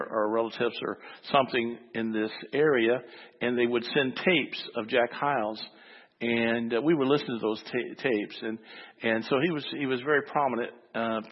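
A pastor with a medium-pitched voice preaches a sermon, telling a story and acting out its voices before making his point. The sound is lo-fi and carries a big-room feel.

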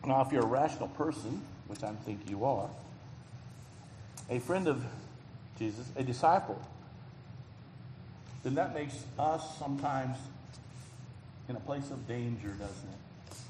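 A man preaching a sermon in a folksy, emphatic way, his voice swelling loud on key phrases. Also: mid-range voice, measured pace, long pauses. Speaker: pastor. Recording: echoey hall, faint background noise.

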